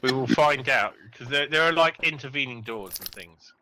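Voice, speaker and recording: A man's voice: medium pitch, expressive, normal speed, bright, forceful tone, a little hiss or hum. A man co-playing a game, explaining things patiently and laughing easily in casual chat over a voice-chat mic. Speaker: co-player.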